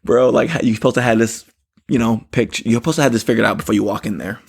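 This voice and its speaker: A man's voice: medium pitch, quick pace, creaky, slightly rough. A man hosting a podcast, telling a story in a rambling casual way and often saying "you know what I mean". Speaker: podcast host.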